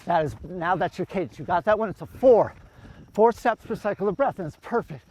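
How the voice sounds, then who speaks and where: A man with a high, lively voice coaches runners outdoors as he runs beside them. He praises each runner warmly, then drops to a soft count of the steps in each breath. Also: brisk. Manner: encouraging, counts steps aloud in quiet bursts. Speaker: running coach. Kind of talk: on-the-run coaching. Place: outdoors on a hilly running route.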